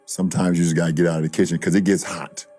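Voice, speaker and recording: Deep, dark-voiced man musing in an interview. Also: flat delivery, racing, soft background music. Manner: reflective, hesitant, repeats himself. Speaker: athlete being interviewed. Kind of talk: interview answer.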